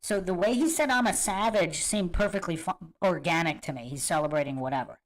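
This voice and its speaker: A man's voice: on the high side, a little fast. A man hosting a livestream, chatting casually to viewers and reacting to clips with a musing, emphatic manner that repeats points. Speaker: host of a livestream commentary show.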